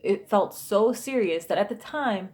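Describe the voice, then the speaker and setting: A woman's voice: medium pitch, expressive, unhurried, a little mellow. A woman in her thirties telling a true ghost story to camera in a chatty storytime vlog, with lots of fillers and asides. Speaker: YouTuber.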